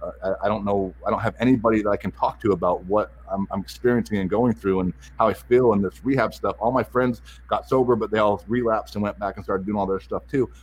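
A man candidly telling a personal story, halting and repeating words as he restarts his sentences. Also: on the low side, steady tone, a little hiss or hum, poor audio.

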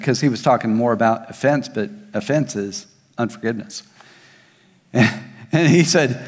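A male pastor preaching a sermon, swinging between raised emphasis and soft, hushed asides. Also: medium pitch. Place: large church hall. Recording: long hall reverb.

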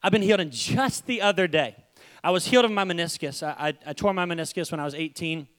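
A young man preaching a sermon, acting out stories with sudden shouts and repeated words. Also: a little high, quick pace. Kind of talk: animated sermon storytelling.

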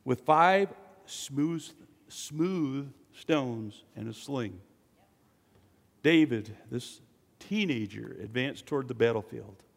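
A man preaching a sermon, building to loud, fervent peaks and joking between points. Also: medium pitch, lively intonation, takes it slowly, vocal fry, long reverb tail. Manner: preaching with dramatic swells, jokes and acted quotes.

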